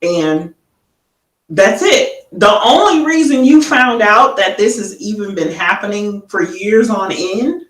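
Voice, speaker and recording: A woman's voice: medium pitch, expressive, takes it slowly. A woman on a talk show panel, blunt and persistent, building long hypothetical scenarios. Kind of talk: casual panel debate. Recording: roomy sound, mic far off.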